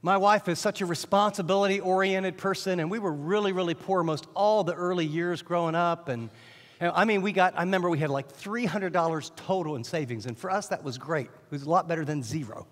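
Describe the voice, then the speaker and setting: High-pitched preaching man in a hall. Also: fairly quick. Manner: animated preaching with repeated restarts. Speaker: Bible teacher. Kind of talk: sermon. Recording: long hall reverb.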